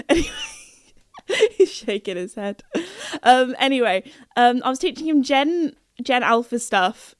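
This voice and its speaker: A woman's voice: on the high side, no room sound, studio quality. A young woman hosting a podcast in a casual chat, rambling with lots of fillers and giggles. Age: young adult. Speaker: podcast host.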